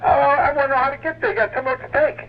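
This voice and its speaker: Stammering man on a lo-fi phone line. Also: very high-pitched. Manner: halting, stammering questions. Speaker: person on phone call.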